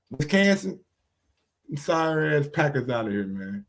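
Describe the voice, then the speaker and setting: A man's voice: mid-range voice, big pitch swings, moderate pace. A man hosting a sports channel, talking casually in a rambling, profane, trash-talking way. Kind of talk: casual livestream commentary.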